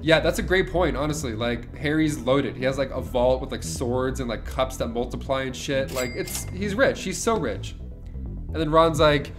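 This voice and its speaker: A man's voice: medium pitch, normal speed. Sarcastic young man with music behind. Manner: joking, sarcastic, swearing. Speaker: host. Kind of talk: casual reaction commentary.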